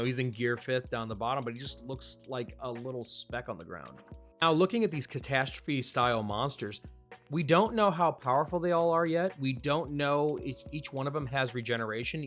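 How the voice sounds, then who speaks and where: Male host, mid-pitched and chatty, enthusiastic casual commentary with faint guitar music underneath. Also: a bit bright. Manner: chatty, enthusiastic, with small restarts. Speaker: manga review host.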